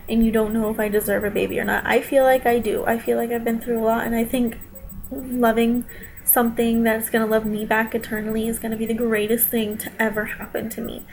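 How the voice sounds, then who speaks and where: A woman's voice: on the high side, darkish tone, a little hiss or hum, rough recording. A young woman vlogging from home, talking straight to her viewers in a defensive, emotional rant, close to tears at times. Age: young adult.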